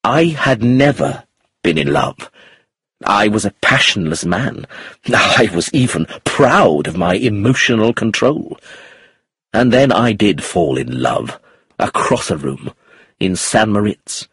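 A man's voice: fairly low pitch, big pitch swings, slow pace, fairly bright tone, slightly rough, dry recording, heavily acted. A man voicing a reserved husband torn by guilt in an audiobook, speaking with pleading emotion. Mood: impassioned. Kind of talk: audiobook character reading.

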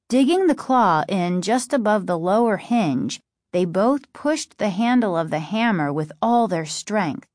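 A woman narrating a spooky storybook in a measured, steady storytelling manner. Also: lowish voice, no room sound, studio quality. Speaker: audiobook narrator. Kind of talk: scripted narration.

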